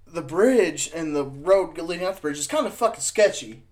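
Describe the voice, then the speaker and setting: A man's voice: a little high, lively intonation, moderate pace, darkish tone. A man casually telling a rambling, profane road-trip story on a podcast, drunk and stoned, talking into a studio mic. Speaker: podcast co-host.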